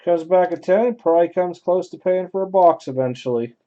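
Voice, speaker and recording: With a high voice and a fairly quick delivery, this man runs a card break, chatting offhandedly and thinking aloud over each pack. The recording has its high frequencies cut off.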